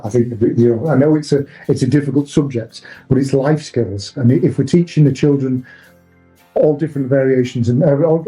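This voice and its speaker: A podcast host whose voice is very dark and mellow, giving his view with emphasis and restarting his phrases often. Faint guitar music plays beneath the conversation. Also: mid-range voice, rough recording. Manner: emphatic, opinionated, with many restarts.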